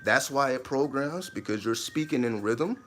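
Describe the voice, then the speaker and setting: A man's voice: mid-range voice, normal speed, fairly bright tone, faint music behind. A man talking straight to viewers in a casual, emphatic monologue, repeating his points and swearing now and then. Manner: emphatic, repetitive, with occasional swearing. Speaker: host of own video channel.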